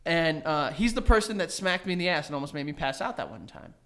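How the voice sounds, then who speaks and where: A man's voice: a little high, very animated, fast talker, gravelly, fairly bright tone. A man co-hosting a casual comedy podcast, telling stories in a rambling way, full of fillers. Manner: rambling, filler-heavy storytelling. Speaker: podcast co-host.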